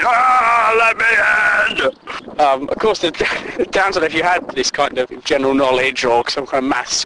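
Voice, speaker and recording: A man's voice: a little high, background noise. A man rambling through a sweary comic monologue and chuckling at his own jokes.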